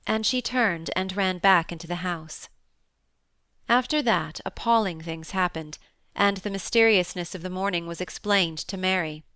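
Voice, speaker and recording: A woman narrating an audiobook of a classic novel in a measured, even storytelling manner. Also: fairly low pitch, clear, resonant tone, dry recording. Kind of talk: scripted narration.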